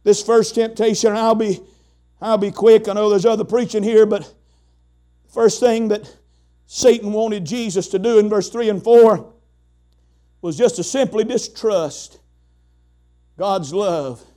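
A man's voice: sits high, fairly even intonation, measured pace, pauses often, dark tone. A man preaching a sermon in an emphatic, folksy way, asking the congregation rhetorical questions.

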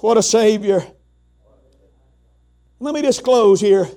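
High-voiced preacher, frequent "uh". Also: male voice, takes it slowly. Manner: swings between shouted preaching and quiet storytelling, frequent "uh". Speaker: pastor. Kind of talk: sermon.

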